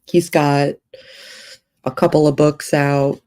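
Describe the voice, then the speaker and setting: A woman's voice: low-pitched, flat delivery, takes it slowly, darkish tone. A woman streamer and author chatting casually on a livestream from a hotel room, rambling and thinking aloud.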